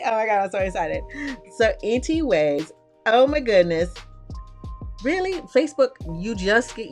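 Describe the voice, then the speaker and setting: A woman hosting a live stream, chatty and bubbly, who greets viewers with casual slang. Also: mid-range voice. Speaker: livestream host and brand coach. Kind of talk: upbeat live-stream chat.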